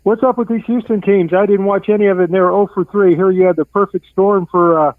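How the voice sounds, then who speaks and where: A man's voice: high-pitched, fairly even intonation, quick pace, no room sound. An older man calling in to a sports show, chatty and blunt, who keeps apologizing for his cursing. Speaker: caller. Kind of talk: casual sports chat. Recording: tinny, dry phone line.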